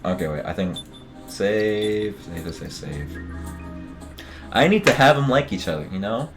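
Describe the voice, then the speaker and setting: A man's voice: on the low side, animated, unhurried, over music. A man streaming a game, joking and muttering asides to his viewers in casual commentary.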